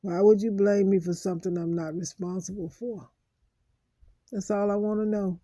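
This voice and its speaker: Woman vlogger, emotional monologue, aggrieved and repetitive, dark warm voice, dead-dry sound. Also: mid-range voice, steady tone, no room sound. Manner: aggrieved, repeats phrases over and over; slow, heavy pauses.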